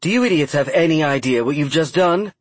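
A man's voice: on the high side, animated, a little fast, no echo, voice pushed up. A man voicing an enraged young woman screaming into a phone. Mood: furious.

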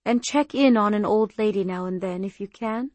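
A woman voicing a loyal old woman servant in an audiobook, speaking softly through tears. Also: mid-range voice, normal speed, no echo, close to an everyday voice. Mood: tearful. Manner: soft, tearful.

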